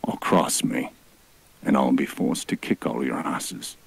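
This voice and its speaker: A man's voice: a bass voice, fairly even intonation, unhurried, creaky, breathy edge, no room sound, exaggerated voice. A man voicing a pompous, crude male dinosaur god who makes grandiose rhyming proclamations. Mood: scolding.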